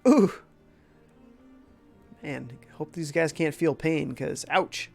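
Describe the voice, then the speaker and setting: A man's voice: fairly high pitch, takes it slowly, gravelly, soft background music. Stuffy-voiced man streaming a game. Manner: laid-back, reads chat aloud. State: congested from a cold. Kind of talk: casual gameplay commentary.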